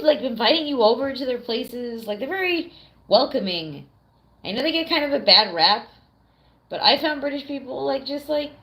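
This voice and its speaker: A woman's voice: a little high, expressive, normal speed, a bit bright. A young woman livestreaming casually, answering chat, chatty, swearing freely and laughing often. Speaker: streamer. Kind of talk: casual live-stream chat.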